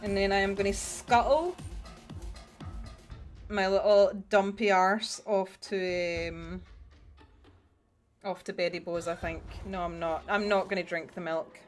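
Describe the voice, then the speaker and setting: A woman's voice: mid-range voice, steady tone, measured pace, long pauses, soft background music. A young woman chatting casually with her viewers while she paints miniatures, swearing freely and talking straight to them. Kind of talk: casual livestream chat.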